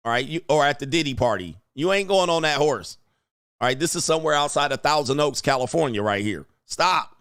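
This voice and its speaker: A man hosting a casual reaction commentary, loud and mocking, full of slang and laughter. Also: fairly high pitch, expressive, brisk, clean tone, no echo, clean studio sound. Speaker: commentary host.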